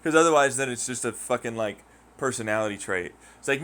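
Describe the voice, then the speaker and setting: In a loose, foul-mouthed rant on his podcast, a man rambles through a story and mimics others' words in sneering voices. His medium-pitched voice is fast and fairly bright.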